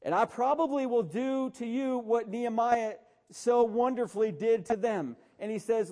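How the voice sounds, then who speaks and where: A man's voice: very high-pitched, moderate pace, hardly any pauses, mellow. A middle-aged man, a pastor, preaching a sermon in an urgent, exhorting way, often calling out to listeners.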